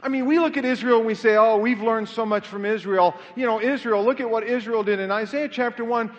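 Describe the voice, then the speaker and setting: A man's voice: extremely high pitch, a little fast. A middle-aged male pastor preaching a sermon in a church, conversational and self-deprecating, building to fervent emphasis. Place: church sanctuary. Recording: muffled sound with long hall reverb.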